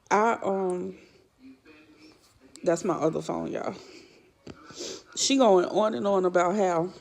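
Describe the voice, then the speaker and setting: Slow, gravelly middle-aged woman vlogger. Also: mid-range voice, a little mellow. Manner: laughs often while telling an exasperated story. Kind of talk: casual storytelling to viewers.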